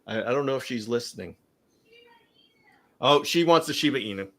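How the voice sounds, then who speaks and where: A man's voice: mid-range voice, expressive, moderate pace, fairly bright tone. A middle-aged man from California hosting a casual livestream, chatting and reading viewer comments aloud. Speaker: livestream host.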